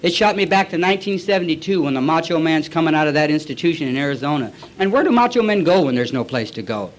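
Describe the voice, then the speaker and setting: A man in his forties tells his personal recovery story to a meeting in a blunt, colloquial way. His voice sits a little on the high side, and he acts out past conversations as he goes. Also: lively intonation, fast.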